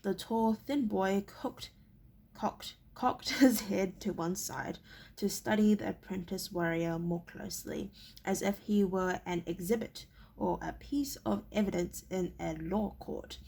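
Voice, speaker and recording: A woman reading a novel aloud in a halting way, often stumbling and repeating words. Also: medium pitch, vocal fry, darkish tone, breathy edge. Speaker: reader.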